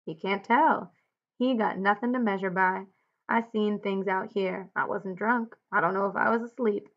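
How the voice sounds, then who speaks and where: Lonely bitter ranch guy, woman reading him, slow drawl, mid-pitched, muffled lo-fi sound. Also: steady tone, close to an everyday voice. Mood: brooding. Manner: drawling rural speech, slow and pointed. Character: lonely, bitter male ranch hand, taunting. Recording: dull lo-fi recording.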